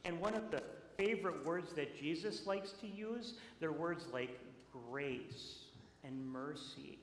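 A man leads a children's message as pastor, gentle and playful, chatting with many fillers. His voice sits a little high. It rings out in a reverberant church sanctuary with clear room noise. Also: lively intonation, slow.

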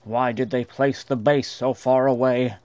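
Give me a young man doing unhurried, silly let's-play commentary, middle-pitched. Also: steady tone, a little mellow, clear, resonant tone, no echo. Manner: goofy, rambling, jumps into silly voices. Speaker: gaming commentator.

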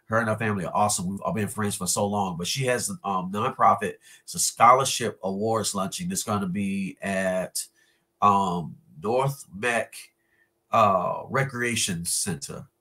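A man, chatting as a guest in an interview, relaxed and pausing with fillers. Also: lowish voice. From North Carolina, USA. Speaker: guest musician. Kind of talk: casual interview chat.

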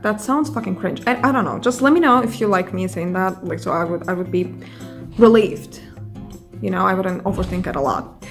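A young woman hosting a comedic vlog, rambling, sarcastic and casually profane. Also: medium pitch. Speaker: vlogger.

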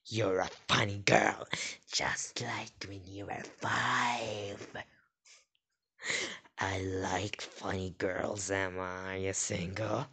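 A woman voicing a creepy male imposter in a whispered role-play, with an unsettling, breathy, flirting whisper. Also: a bass voice, level tone, slow, a bit bright, voice pushed down, exaggerated voice.

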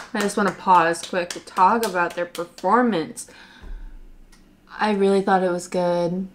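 A woman hosting a reaction video, speaking congested and chatty as she gushes about a performance, sometimes searching for her words. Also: lowish voice. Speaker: reaction channel host. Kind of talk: casual reaction commentary.

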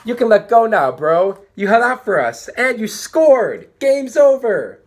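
A man voicing an excited, encouraging young boy football player in a storybook reading. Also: high voice, measured pace, voice pushed up, full character voice. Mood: joyful.

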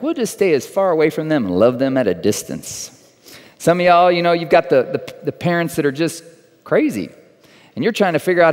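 A guest pastor from Texas delivers a sermon in a conversational, joking way, weaving humor into his teaching. His voice sits a bit high for a man. It rings out with a long reverb through a church hall. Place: church sanctuary.

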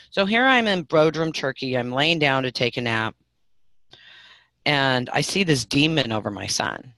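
A middle-aged woman teaching a live online spiritual class, telling stories with big swings between loud and soft. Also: rumbling low, no room sound.

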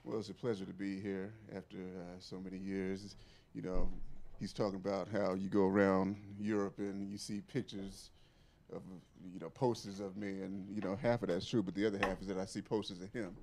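A man in his forties makes laid-back stage banter between songs, chuckling as he goes. His voice sits low, with a gravelly fry, and there is a faint hiss in the background. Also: level tone, a little fast. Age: 40s. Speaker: guest musician.

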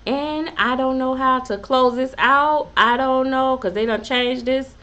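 A woman's voice: high voice, unhurried, bright, forceful tone, muffled recording. A woman chatting casually on a live stream, reading out viewer names and laughing often.

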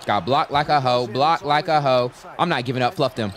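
A man giving live commentary on his own basketball video game, slangy and full of trash talk, breaking into excited yells. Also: medium pitch, a little fast, few pauses. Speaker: gaming YouTuber.

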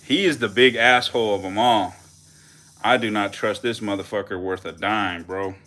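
A young man, giving loud, profane, laughing commentary as a channel host on a casual live stream. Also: fairly low pitch, fairly even intonation, normal speed. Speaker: channel host feeding snakes.

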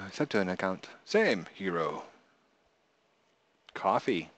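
A man's voice: fairly low pitch, sing-song, extremely slow. A man casually chatting on a live stream, reading viewers' messages aloud and answering them playfully. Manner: reads viewer chat aloud and answers playfully, often laughing. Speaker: live streamer and game creator.

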